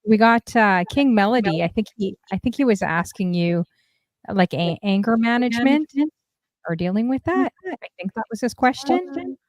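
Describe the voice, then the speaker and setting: A woman hosting a casual livestream talk show, chatty and friendly with her chat, giving shout-outs as she goes. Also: on the high side, animated, moderate pace, no echo. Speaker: stream talk show host.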